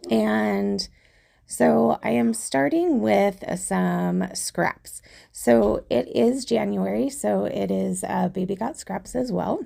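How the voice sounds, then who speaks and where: This woman talks through her crafting steps in a slow, unhurried way, her voice gone hoarse and full of gravel from being sick. The tone is dark and mellow, chatty and a little self-deprecating about how rough she sounds. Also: mid-range voice. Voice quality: gravelly, husky. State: hoarse from illness. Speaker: craft video host. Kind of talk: casual craft tutorial narration.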